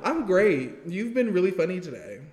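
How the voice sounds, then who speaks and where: A man's voice: high voice, big pitch swings, moderate pace, a crowd in the background. A young man co-hosting a podcast in casual chat, teasing and laughing constantly. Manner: teasing, laughs constantly, swoops up into loud squeals. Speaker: podcast co-host.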